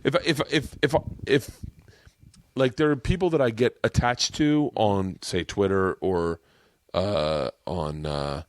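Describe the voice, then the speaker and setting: A man's voice: fairly low pitch, takes it slowly, dry recording, studio quality. A man in his thirties hosting a casual podcast, rambling and swearing as he tells stories. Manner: rambling, swearing, lively storytelling. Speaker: podcast host. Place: home man cave.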